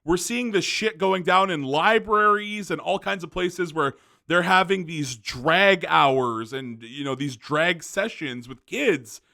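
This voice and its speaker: A man's voice: a little high, takes it slowly, vocal fry, few pauses, bright, forceful tone. A man hosting a commentary video, ranting angrily with profanity, fillers and restarts.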